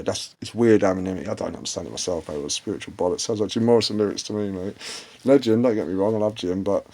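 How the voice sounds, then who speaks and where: Low-voiced man ranting in his forties. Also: vocal fry, a little mellow. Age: 40s. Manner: profane, meandering, blunt. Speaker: channel host. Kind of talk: casual rambling rant.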